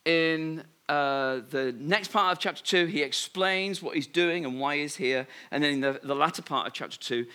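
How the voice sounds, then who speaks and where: Guy preaching, bright voice, tells it like a funny story. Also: fairly high pitch, moderate pace, few pauses, clean tone. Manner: lively storytelling with humorous asides. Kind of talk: sermon.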